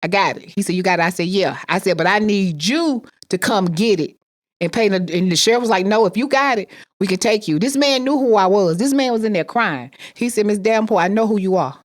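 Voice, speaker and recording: A woman's voice: mid-range voice, fairly quick. A woman telling a personal story with emphatic repetition, acting out the people she quotes. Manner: emphatic, repeats phrases, acts out quoted voices.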